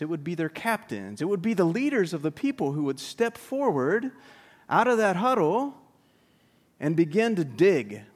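Male pastor mid-sermon, slightly higher voice, very lively, punchy asides. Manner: animated, rising and dropping for emphasis, asides to the congregation.

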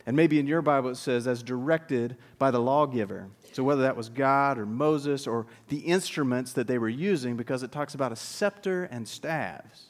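A man preaching a sermon, animated, with asides to the congregation and sudden rises and drops for emphasis. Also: medium pitch, moderate pace, hardly any pauses. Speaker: pastor.

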